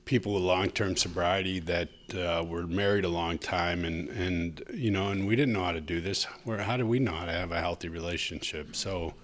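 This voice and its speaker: This man tells his recovery story at a meeting in front of a live audience, chatting with humor until the talk grows tender and he gets emotional. His low voice moves at a normal speed with few pauses.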